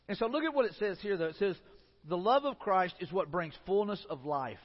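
A man's voice: high-pitched, lively intonation, a little fast, husky. A man, a pastor giving a sermon in a conversational way, often repeating and restarting his phrases. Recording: muffled sound in a reverberant hall.

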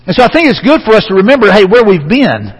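A middle-aged man preaches in a loose, chatty way. He keeps putting questions to his listeners and often says words twice. His husky voice rings out with a long echo, as in a church sanctuary. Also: sits high, very animated, fast talker. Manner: conversational, repeats words, asks the audience questions. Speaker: pastor. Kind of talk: sermon.

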